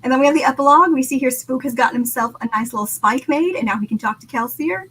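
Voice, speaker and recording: A woman co-hosting a casual book discussion, excitable and laughing often as she reads quotes aloud. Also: sits high, fast talker, slightly rough, poor audio. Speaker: podcast co-host.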